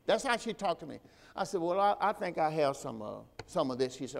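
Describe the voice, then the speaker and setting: A man preaching a sermon in a high, ringing voice, pausing for his congregation to answer back. His voice climbs and grows louder when he presses a point. The sound carries a long reverb, like a church sanctuary. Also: animated. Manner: preaching with call-and-response to the congregation; rises in pitch and volume when stressing a point. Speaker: pastor; host.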